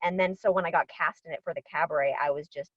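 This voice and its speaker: Chatty lowish-voiced actress on a lo-fi call. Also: female voice, fairly even intonation, quick pace, dry recording. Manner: chatty and bubbly, with frequent ums and laughs. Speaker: actress guest. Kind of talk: casual interview chat. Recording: dull, dry lo-fi audio.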